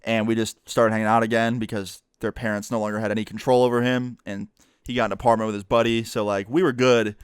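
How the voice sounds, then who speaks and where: A young man, a YouTuber, telling a personal story casually, profane and animated, with lots of quoted dialogue. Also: on the low side, fast, clear, resonant tone, dry recording, clean studio sound.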